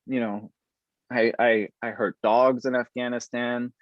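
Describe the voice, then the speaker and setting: A man, a military veteran and interview guest, speaking in a reflective, halting way with frequent restarts over a video call. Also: medium pitch, level tone, no room sound. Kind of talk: earnest conversational interview. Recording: slightly dull, dry video-call audio.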